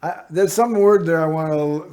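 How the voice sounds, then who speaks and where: A man's voice: fairly high pitch, moderate pace, a little mellow. A middle-aged man hosting a local access TV show, telling rambling personal stories to the camera in a folksy, meandering way. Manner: folksy, meandering storytelling with frequent "you know" and "anyway".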